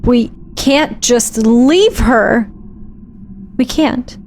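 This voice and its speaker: A woman's voice: fairly high pitch, expressive, very slow, darkish tone, slight background noise. Woman playing a desperate young adventurer. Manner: desperate, insistent. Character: distraught young adventurer refusing to give up.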